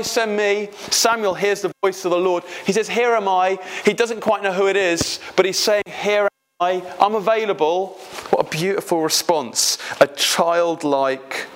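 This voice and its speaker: A man preaching a sermon in a conversational, gently humorous way, putting questions straight to his congregation. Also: fairly high pitch, a little hiss or hum. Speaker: pastor.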